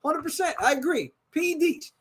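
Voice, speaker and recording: A man with a Brooklyn New York accent hosting a casual live horror chat, animated and joking, swearing freely. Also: very high voice, fairly quick. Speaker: podcast host.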